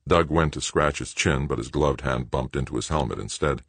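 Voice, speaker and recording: A man reading an audiobook in measured, expressive scripted narration. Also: rumbling low, gravelly, slightly rough, no room sound.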